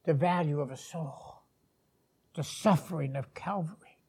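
A man preaching a sermon, dropping to hushed whispers and rising to shouted climaxes, with slow deliberate pauses. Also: fairly high pitch, gravelly, husky.

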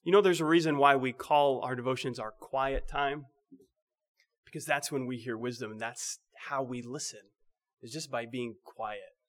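Preaching at a moderate pace with a medium-pitched voice, a man keeps his sermon conversational. Rhetorical questions dot his delivery, and he goes soft and quiet for the key points.

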